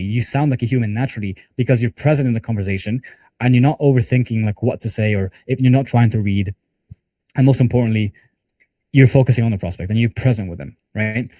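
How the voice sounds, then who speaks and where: A man's voice: mid-range voice, mellow, no room sound. A man who is a sales coach, running a live group training call in a conversational way with casual fillers. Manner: conversational, talks with hands-on examples and casual fillers.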